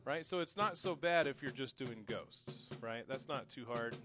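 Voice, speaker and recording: Young guy teaching drums, chill and encouraging, counts out loud, drum kit banging loud behind him. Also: mid-range voice, animated, normal speed, over loud music. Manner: casual and encouraging, counts patterns aloud. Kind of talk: drum lesson, explaining and counting.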